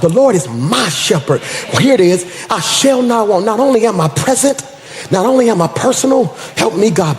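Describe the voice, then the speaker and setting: High-voiced shouting preacher in an echoey hall. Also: male voice, very animated, normal speed. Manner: rhythmic, sing-song preaching that swells into shouts; casual slang, calls out to the congregation. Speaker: pastor. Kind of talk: sermon. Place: church sanctuary. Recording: echoey church hall with crowd.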